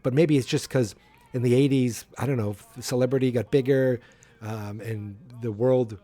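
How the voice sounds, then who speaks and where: A man's voice: mid-range voice, steady tone, normal speed, dark tone. A man hosting a podcast who gives a casual, rambling recap of a sitcom episode, full of fillers and restarts. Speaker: podcast host.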